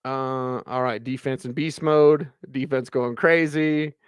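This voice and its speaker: Male sports radio host, excitable and chatty, smooth clear voice, dry close mic. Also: medium pitch, dry recording. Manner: excitable, chatty, fast bursts. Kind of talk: live postgame show reading viewer comments.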